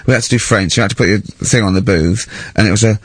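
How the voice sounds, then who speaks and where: A man's voice: lowish voice, quick pace, breathy edge, dry recording. A middle-aged man hosting a casual chat, telling stories and acting out the people in them. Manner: animated storyteller, acts out shouting characters. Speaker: podcast host.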